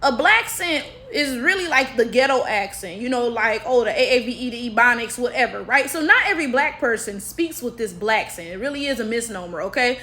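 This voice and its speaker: A woman's voice: a little high, animated, a little fast, few pauses, pushed and bright. A young woman from Detroit with a Detroit African American accent, giving emphatic casual commentary full of rhetorical asides. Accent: Detroit African American English. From Detroit, USA. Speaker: commentary vlogger.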